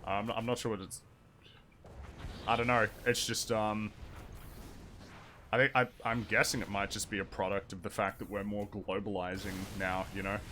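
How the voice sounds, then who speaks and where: An Australian man with a lowish voice chats casually while he games on stream. He rambles, hesitates and restarts his sentences, with a wry edge. A faint hum of noise sits behind him. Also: little pitch movement, moderate pace, pauses often, bright, forceful tone. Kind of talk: casual chat while gaming.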